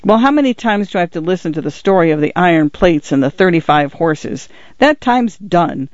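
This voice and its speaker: A man's voice: sits high, expressive, moderate pace, no echo. A man doing an irritable ranch father. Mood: angry. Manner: clipped, impatient. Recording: dull lo-fi dry recording.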